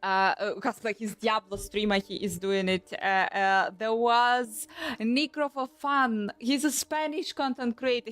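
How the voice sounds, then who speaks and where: A young woman chatting casually on a live stream, animated and swearing often as she restarts her sentences. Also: a little high, unhurried. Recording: faint background music.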